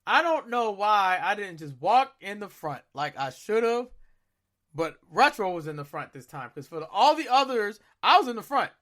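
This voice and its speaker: A man in his thirties with a high, bright voice tells a story in easygoing podcast chat. He is animated and acts out his own reactions, sometimes breaking into loud shouts. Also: normal speed. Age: 30s. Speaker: podcast co-host. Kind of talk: casual storytelling.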